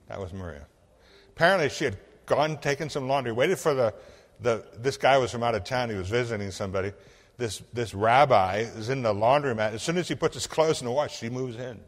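A man from Illinois, a pastor telling a story in a sermon, acting out the voices and swinging from hushed to loud. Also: mid-range voice, expressive, brisk, long reverb tail.

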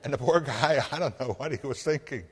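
A male pastor preaches in a hall with a long, ringing reverb. He tells a story with lively energy, acting out the dialogue, sometimes hushed and sometimes nearly shouting. His voice sits at a middle pitch for a man. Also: fairly quick, breathy edge. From Illinois. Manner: animated storyteller, acts out dialogue, swings from hushed to loud. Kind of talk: sermon storytelling.

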